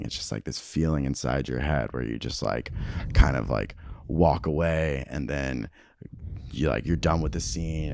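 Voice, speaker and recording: A man's voice: extremely low pitch, gravelly, mellow. A young man, an actor guest on a podcast, talking loosely with lots of fillers and swearing. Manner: rambling, heavy on fillers and swearing. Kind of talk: casual podcast conversation.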